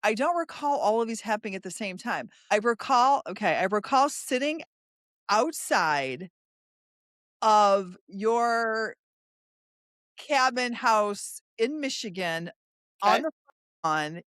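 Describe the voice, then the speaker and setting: A woman host talks with an old colleague, working through her memories aloud and checking details with questions. Her voice is mid-pitched and recorded dry, with no echo. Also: animated, unhurried, a bit bright. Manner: reminiscing, thinks aloud, asks follow-up questions. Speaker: podcast host. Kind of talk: casual conversation.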